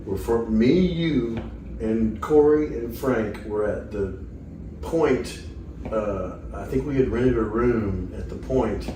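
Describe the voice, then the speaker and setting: Middle-aged man, animated storyteller, recorded from across an echoey room. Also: lowish voice, slow, recorded from a distance, a little hiss or hum. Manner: animated storyteller, acts out quotes. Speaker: host, musician. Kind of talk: casual reminiscing chat.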